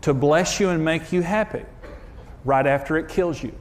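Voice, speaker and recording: A man's voice: a little high, moderate pace, slight background noise. A man preaching on marriage, telling candid, self-mocking stories and leaning hard on his punchlines. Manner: candid, self-deprecating storytelling; emphatic, building up to punchlines. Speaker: marriage speaker. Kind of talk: preaching talk with personal stories.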